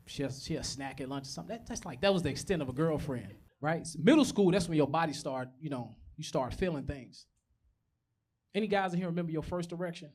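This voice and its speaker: A man's voice: on the high side, lively intonation, fast talker, a little mellow. A young man doing a stand-up comedy set, telling profane stories, acting out voices and laughing at his own jokes. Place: comedy club stage.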